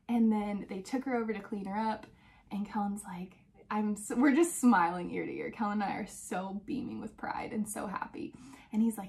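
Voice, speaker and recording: A young woman hosting a podcast, telling a personal story in a chatty, animated way with many fillers. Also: medium pitch, moderate pace. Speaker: podcast host.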